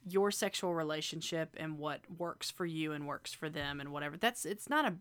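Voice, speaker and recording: A woman chats casually as a co-host, with a bright, sharp tone. She talks freely, full of fillers, and laughs often. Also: deep voice, normal speed, clear, resonant tone. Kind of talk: casual chat.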